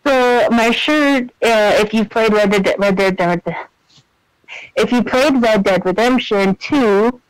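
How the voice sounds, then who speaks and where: Chatting casually, this podcast co-host spins an animated story packed with fillers and laughter. He speaks high and slowly, pausing often, with a clean tone and no room sound despite poor audio.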